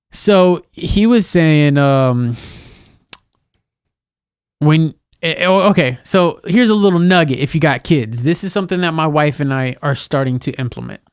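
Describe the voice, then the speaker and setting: Guy in his 30s chatting on a podcast, lively, super clean voice, dry sound. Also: a little high, clean tone, no room sound. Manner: animated, acts out scolding a child in a raised voice. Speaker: podcast co-host. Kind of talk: casual chat.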